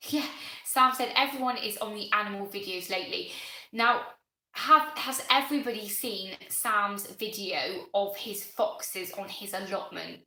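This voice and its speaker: Chatty Bristolian woman, bright voice. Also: mid-range voice, a little slow, reverberant, poor audio. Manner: chatty, thanks viewers by name, apologetic. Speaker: gardening channel host. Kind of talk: casual live-stream chat.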